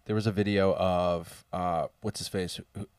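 A man chiming into a casual chat, telling a story haltingly with fillers as he recalls it. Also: low voice, steady tone, darkish tone, clear, resonant tone, dry recording, clean studio sound, recorded from a distance.

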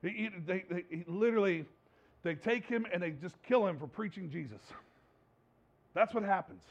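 A man preaching a sermon in a lively, repetitive way, stumbling over words and acting out the people he quotes. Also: high-pitched, moderate pace, gravelly, highs cut off. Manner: animated, repeats himself, acts out quotes. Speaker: pastor. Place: church hall with slides.

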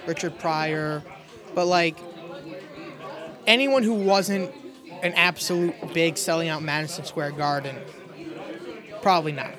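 High-voiced man rambling, crowd behind. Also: unhurried, long pauses. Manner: rambling storyteller, self-deprecating. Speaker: stand-up comedian guest. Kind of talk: casual chat.

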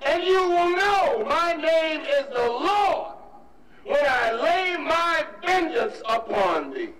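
An actor playing an intense male hitman who shouts threats and recites scripture like a preacher, heard as a film clip played back from a distance. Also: very high voice, big pitch swings, slow pace, heavy background noise, heavily acted. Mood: solemn preaching. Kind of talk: film dialogue.

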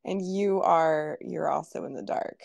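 A woman's voice: low-pitched, a little slow, vocal fry, darkish tone, no echo. A young adult woman hosting a podcast in casual chat, laughing often and restarting her sentences. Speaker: podcast host.

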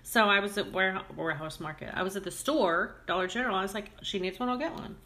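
A woman's voice: mid-range voice, quick pace, pushed and bright. Blunt woman, matter-of-fact. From Oklahoma, US. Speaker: guest friend. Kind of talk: casual chat.

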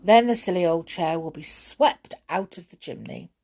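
A woman voicing an excitable, eager young male companion in a children's storybook, speaking in bright, eager exclamations. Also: lowish voice, normal speed.

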